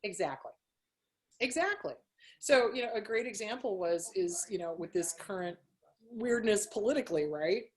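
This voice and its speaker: A middle-aged woman therapist speaks candidly as a podcast guest, in a mid-range voice. She is blunt and animated, drops swear words freely and laughs easily as she talks. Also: medium pitch, moderate pace. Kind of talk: candid interview chat.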